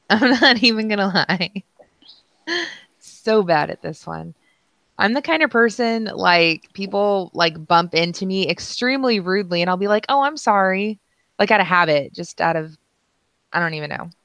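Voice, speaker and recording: A woman's voice: mid-range voice, normal speed, a bit bright, dry recording. Giggly, self-deprecating young woman. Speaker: podcast co-host. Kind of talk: casual chat.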